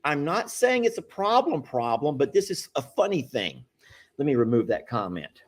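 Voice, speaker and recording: A man's voice: fairly high pitch, big pitch swings, moderate pace. A middle-aged man with a drawl hosts his live stream. He talks in a folksy, meandering way and chuckles often. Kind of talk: casual live-stream chat.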